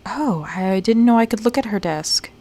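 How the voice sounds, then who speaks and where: Woman streamer, chatty and playful, mid-pitched, muses aloud while she plays. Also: animated, normal speed, mellow. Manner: chatty, playful, talks to herself while searching; slips into mock-British phrasing for fun. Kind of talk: casual live-stream game commentary.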